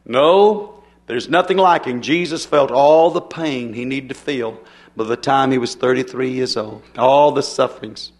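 A man's voice: mid-range voice, measured pace. A man preaching a sermon in a folksy, emphatic way, often turning to the congregation with rhetorical questions.

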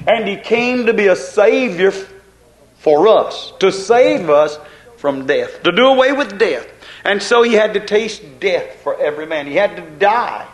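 Male preacher, high pitch, rhythmic sermon delivery with emphatic repetition. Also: expressive, measured pace.

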